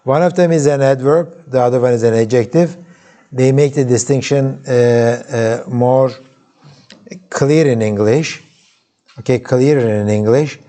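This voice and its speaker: Mellow-voiced lecturer with a Turkish accent. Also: male voice, mid-range voice. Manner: checks in with the class, frequent "okay?" and "right?"; halting, with many filler sounds and restarts. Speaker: university lecturer. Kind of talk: classroom lecture.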